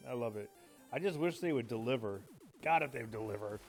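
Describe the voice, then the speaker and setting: A man's voice: mid-range voice, a little fast. A man chatting casually while streaming a game, rambling and swearing, with faint game music behind him. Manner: rambling, profane, excitable. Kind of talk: casual chat while gaming.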